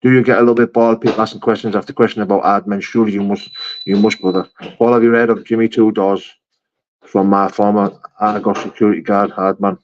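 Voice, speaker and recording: A man's voice: lowish voice, flat delivery, quick pace, a little hiss or hum. Blunt man, dull lo-fi stream. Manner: blunt and matter-of-fact, with frequent swearing and "mate", "brother"; reads viewer messages aloud, then answers them. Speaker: livestream host answering viewer chat. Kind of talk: casual live-chat talk.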